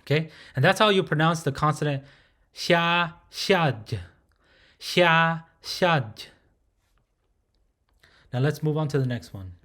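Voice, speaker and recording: A man's voice: on the high side, expressive, quick pace, hardly any pauses, a bit bright. A man teaching pronunciation patiently, repeating each sound and often checking in with the learner. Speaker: language teacher. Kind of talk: pronunciation lesson.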